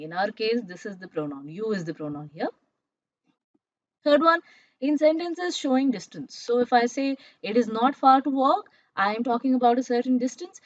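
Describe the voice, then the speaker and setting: A woman's voice: on the high side, darkish tone, dry recording. A woman teaching a grammar lesson, explaining patiently and checking in with her students as she goes. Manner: explanatory, checks in with "all right?" and "right?". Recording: dull, slightly muffled dry recording.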